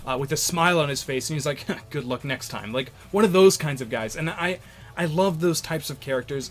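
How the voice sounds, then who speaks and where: A young man giving casual, enthusiastic video commentary as an anime reviewer, rambling with many fillers and restarts. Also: fairly high pitch.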